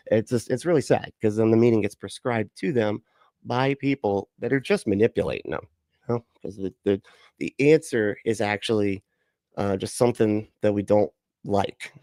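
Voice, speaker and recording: A man's voice: fairly low pitch, vocal fry, mellow, dry recording. A man hosting a livestream, chatting casually, swearing, laughing and rambling with fillers. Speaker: livestream host.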